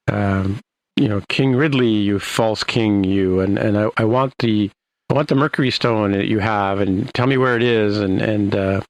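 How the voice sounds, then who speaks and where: A man hosting a podcast, recapping an episode in a rambling, halting way with many restarts. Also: on the low side, low-quality recording. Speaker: podcast host.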